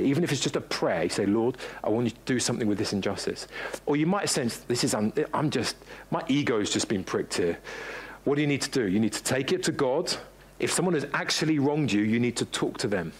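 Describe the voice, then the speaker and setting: A man preaching a sermon in a conversational way, often restarting and acting out short quotes. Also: medium pitch. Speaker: pastor.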